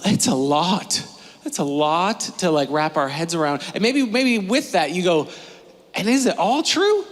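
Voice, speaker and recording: Chatty high-voiced pastor. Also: male voice, fairly bright tone. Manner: chatty, storytelling with playful voices. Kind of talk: casual sermon. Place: church. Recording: long reverb of a church hall.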